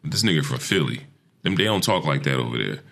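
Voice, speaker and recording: A man's voice: very deep voice, lively intonation, fast, vocal fry, a bit bright. A young man co-hosting a casual podcast, laid-back and profane, joking around and poking fun. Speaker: podcast co-host.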